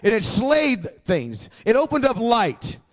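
A man's voice: very high-pitched, huge pitch swings, slow. A male pastor preaching a sermon, emphatic and prompting the congregation to repeat after him.

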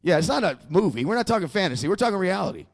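High-voiced, emphatic male preacher. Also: sing-song, very fast, vocal fry. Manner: emphatic, with call-and-response prompts to the congregation. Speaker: pastor. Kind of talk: sermon.

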